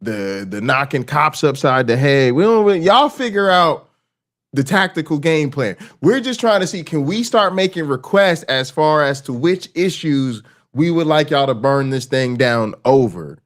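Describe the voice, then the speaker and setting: Brief: male streamer, casual reaction rant, profane and animated, swings from murmurs to excitement. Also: on the high side, normal speed. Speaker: streamer host.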